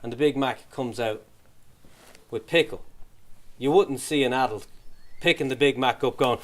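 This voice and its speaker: A young adult comedian with a high, slightly bright voice performs stand-up at a moderate pace for a young audience. He tells a story, acting out the voices in it, as laughter comes from the crowd.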